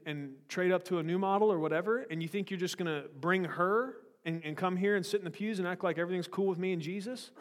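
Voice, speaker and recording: A man preaches a sermon with a slightly high voice, blunt and confrontational, breaking in with jokes. His voice carries a long echo through a large church sanctuary. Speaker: pastor.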